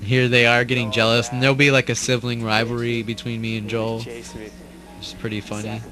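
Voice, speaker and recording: Young man, loose rambling commentary voice, casual swearing, mid pitch. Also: flat delivery, normal speed, music in the background. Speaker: cast member doing commentary.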